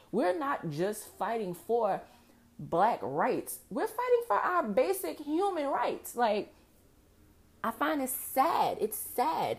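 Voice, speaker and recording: A woman talks straight to her listeners in a loose solo podcast. Her voice sits fairly low for a woman, and her delivery is impassioned and frustrated. She circles back and repeats her points. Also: a little mellow. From New Orleans. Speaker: podcast host. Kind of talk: casual monologue.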